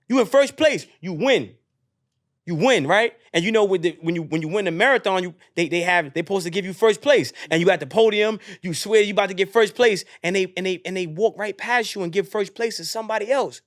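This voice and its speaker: A young adult man, a podcast guest, telling a profane, animated motivational story in casual chat and acting out the voices in it. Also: high-pitched, a little fast, dry recording, studio quality. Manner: profane, animated, acts out voices in his stories.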